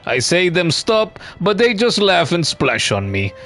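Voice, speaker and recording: Man putting on a hearty game bug who brews drinks, thick Russian accent, broken English, gravelly. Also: high voice, very animated, a little slow, fairly bright tone, soft background music, pitched above the performer's own voice, full character voice. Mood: grumbling. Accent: put-on Russian.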